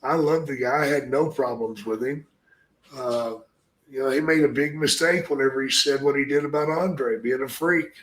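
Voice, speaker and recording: A man's voice: mid-range voice, normal speed, roomy sound, poor audio. An older man and former wrestler hosting a podcast, telling blunt, profane stories in a casual way. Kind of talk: casual storytelling.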